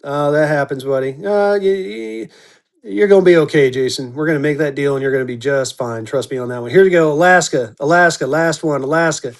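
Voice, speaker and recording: High-voiced man calling a live auction. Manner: fast auctioneer chant, upbeat and chatty. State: losing his voice. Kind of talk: live-stream auction patter.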